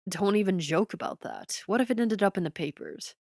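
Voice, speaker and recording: Woman doing a calm, formal young prince. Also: medium pitch, no room sound, studio quality. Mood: composed. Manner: measured and formal. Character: polite, composed young male prince.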